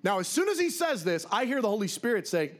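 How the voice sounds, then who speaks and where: A man's voice: high-pitched, quick pace. A man preaching a sermon, telling a story and acting out the voices of people he quotes. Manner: animated, acts out quoted voices.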